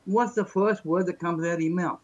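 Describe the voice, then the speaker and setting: A fairly high-pitched man tells rambling jokes in casual chat. He comes through a video call, and the sound is muffled and dull. He laughs easily between his lines. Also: steady tone, a little fast. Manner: joking, rambling storyteller. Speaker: guest.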